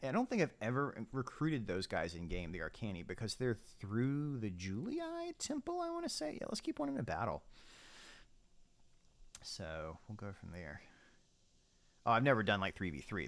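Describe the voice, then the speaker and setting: A man's voice: lowish voice, vocal fry, fairly bright tone. A man giving casual gameplay commentary as a streamer, chatty and thinking aloud while he sets up his army. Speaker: game streamer.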